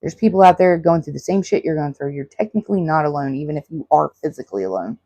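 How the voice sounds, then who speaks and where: A woman's voice: deep voice, animated, fast talker, warm tone, dry recording, dull audio. Host, woman in her forties, earnest self-help advice, dry close recording. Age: 40s. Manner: earnest, repetitive, advice-giving. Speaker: podcast host. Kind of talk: solo self-help podcast talk.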